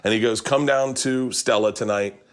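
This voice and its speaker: A man hosting a casual chat, telling animated, profane stories and acting out quotes. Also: mid-range voice, normal speed, a loud crowd. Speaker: podcast host. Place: kitchen.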